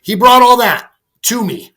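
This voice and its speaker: A middle-aged man, a podcast guest, telling a story in a candid, animated way, with lots of "like" and casual swearing. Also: very high-pitched, unhurried. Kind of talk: conversational storytelling.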